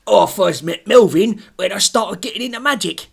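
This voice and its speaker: Man playing brash London barman, chummy, lively swings. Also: high-pitched, moderate pace, vocal fry, slightly rough, voice pushed up, exaggerated voice. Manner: chummy, loud, slangy. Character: brash male London pub landlord, eager to help.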